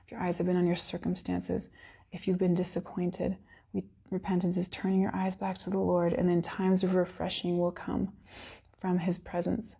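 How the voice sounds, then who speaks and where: Woman with a husky, gravelly voice for a heartfelt church devotional, earnest and near tears. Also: lowish voice, dark tone. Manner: earnest, emotional, close to tears. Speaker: worship speaker. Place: church service.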